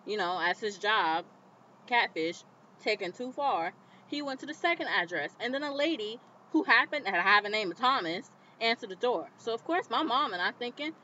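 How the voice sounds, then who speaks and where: A woman vlogger recapping a TV episode in casual commentary, animated and indignant, talking straight to the viewer. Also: a little high, moderate pace, a little hiss or hum. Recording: slightly dull lo-fi recording.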